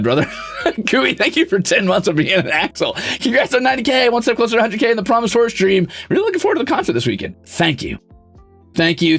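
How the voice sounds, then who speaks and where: A man's voice: sits high, creaky, fairly bright tone, no room sound. A man streaming, reading viewer messages in casual chat with a brash, sarcastic, mock-grumpy way of talking.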